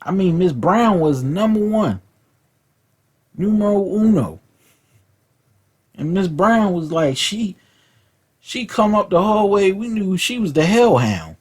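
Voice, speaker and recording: Man, casual rant host, husky, animated pitch, profane and repetitive. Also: takes it slowly, long pauses. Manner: profane, repeats words while telling a story. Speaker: vlog host.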